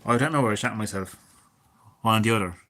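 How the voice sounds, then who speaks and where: A man in his thirties, chatting casually and swearing a lot as a gaming streamer, drifting between loud remarks and mumbled asides. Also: fairly low pitch, quick pace. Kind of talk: casual rambling commentary.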